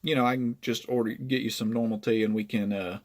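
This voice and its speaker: A man's voice: mid-range voice, steady tone, fairly quick, voice pushed down, lightly acted. A man putting on a mild Southern US accent to voice himself as a polite, easygoing young server. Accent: mild Southern US, put on.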